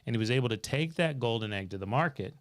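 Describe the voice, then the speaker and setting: A man's voice: mid-range voice, expressive, quick pace. Storytelling male finance show host. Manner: storytelling, reads out viewer comments, quizzes his co-host. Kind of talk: livestream talk with chat interaction. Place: studio.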